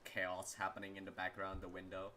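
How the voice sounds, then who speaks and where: A man's voice: low voice, completely flat delivery, brisk, pushed and bright. A man narrating a tabletop game as game master, in a loose, rambling, profane way.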